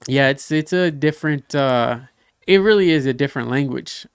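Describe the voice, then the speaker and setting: A man from the States, hosting a casual podcast interview, telling animated stories and acting out quoted dialogue. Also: mid-range voice, moderate pace, vocal fry, clear, resonant tone, dry recording, studio quality. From Southern United States. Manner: asks probing follow-up questions. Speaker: podcast host.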